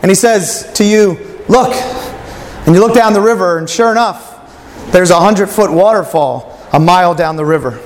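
A man's voice: high-pitched, a little fast, in a large hall. A male pastor preaching a sermon, telling a story and acting out its voices.

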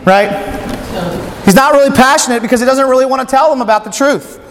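A man's voice: very high-pitched, a little fast, in a large hall, slight background noise. A man preaching a sermon who reads scripture aloud and asks his listeners rhetorical questions.

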